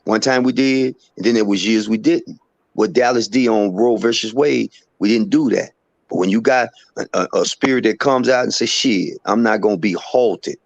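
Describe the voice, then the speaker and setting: A man's voice: mid-range voice, normal speed, creaky, dry recording. A man in casual live-stream chat who talks in an earnest, rambling, somewhat preachy way. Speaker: co-host.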